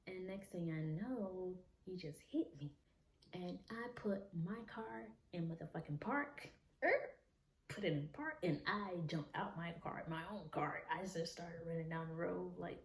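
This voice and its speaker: A woman's voice: lowish voice, unhurried, darkish tone. A woman vlogger candidly recounting a painful personal story, emotional and blunt, with occasional swearing. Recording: echoey room with noisy ambience.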